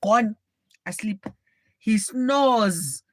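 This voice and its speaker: Animated young South African woman storyteller. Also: mid-range voice, drawn-out words, no room sound. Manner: animated, blunt and dramatic storytelling. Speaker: livestream host. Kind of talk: casual storytelling.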